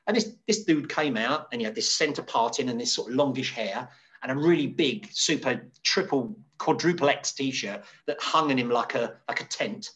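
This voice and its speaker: Chatty hairdresser telling stories. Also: male voice, normal speed. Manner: animated, acts out quoted voices with sudden high pitch; rambling, many restarts and fillers. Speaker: hairdresser, interview guest. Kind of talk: casual storytelling.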